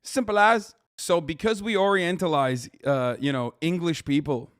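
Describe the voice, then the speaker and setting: A man's voice: on the high side, expressive, moderate pace, clean tone, no room sound, clean studio sound. A man commenting loosely on a clip during a live stream, swearing often and laughing between thoughts. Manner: loose, profane and laughing, with frequent fillers.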